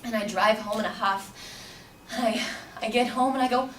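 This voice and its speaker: A woman's voice: a little high, moderate pace, recorded from a distance. A woman recounts a personal story, her voice carrying through a roomy space. She speaks from a little way off the mic with faint noise behind her, shifting into livelier tones when she quotes people. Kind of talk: personal story told to an audience.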